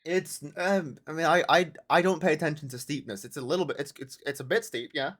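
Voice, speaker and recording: A man's voice: a little high, brisk, a bit bright. A young man from Britain co-hosting a podcast, chatting casually and stopping and restarting his sentences often. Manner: hesitant, many restarts and fillers. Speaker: podcast co-host. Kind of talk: casual chat.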